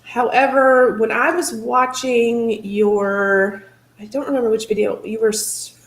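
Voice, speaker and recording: A woman's voice: on the high side, steady tone, a little slow. Chatty woman host in an echoey room. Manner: chatty, upbeat, laughs often. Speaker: paranormal channel host. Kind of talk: casual chat.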